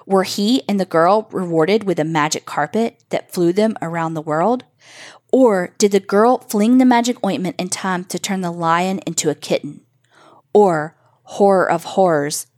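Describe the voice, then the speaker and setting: Woman storyteller, lowish voice, dry close sound, children's tale. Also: no room sound. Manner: measured, expressive storytelling. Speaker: narrator. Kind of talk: reading a children's story aloud.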